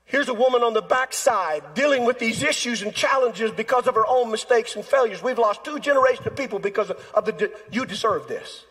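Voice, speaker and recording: Male pastor preaching, high voice with a husky edge, long hall reverb. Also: animated, brisk, few pauses, a bit bright. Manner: preaching with dramatic acted-out quotes. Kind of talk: sermon. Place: church sanctuary.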